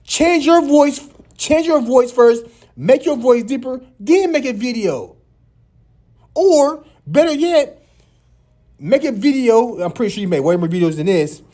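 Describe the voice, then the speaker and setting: Reaction host, man with a small high voice, slow drawl, swoops wildly while he mocks. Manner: laughing, teasing, animated; high light voice. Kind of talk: mocking reaction commentary.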